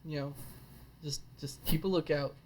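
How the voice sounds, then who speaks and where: A man's voice: on the high side, fairly even intonation, normal speed, darkish tone. A man playing a tabletop game as a player, talking playfully and laughing often. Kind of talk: tabletop role-play.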